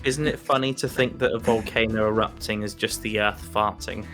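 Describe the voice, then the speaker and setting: A man with a fairly low voice chatting during a game session. He jokes bluntly and plainly. Faint instrumental music plays behind him. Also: steady tone, normal speed, fairly bright tone. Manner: joking, blunt. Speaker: gameplay commentator. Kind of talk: casual chat.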